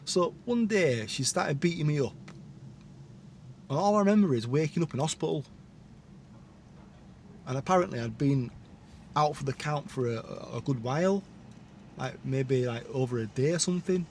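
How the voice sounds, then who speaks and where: A man's voice: mid-range voice, slight background noise. A man telling his own life story in a candid, rambling monologue, full of blunt asides and tag questions.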